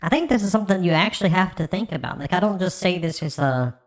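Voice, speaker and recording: A woman streams reaction videos and speaks her mind bluntly, with plenty of swearing. Her voice sits a bit low for a woman, and her earnest, ranting delivery carries her point. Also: animated, quick pace. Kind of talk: casual reaction stream chat.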